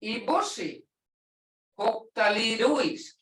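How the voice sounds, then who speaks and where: A woman's voice: a little high, animated, takes it slowly. A woman teaching a language class in a casual, chatty way, explaining through stories and repeating words for her learners. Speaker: language instructor. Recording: echoey room, voice far from the mic.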